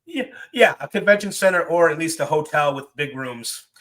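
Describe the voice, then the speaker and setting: A man's voice: on the high side, animated, moderate pace, a bit bright. A man, co-hosting a casual chat with easygoing, wry asides. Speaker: podcast co-host.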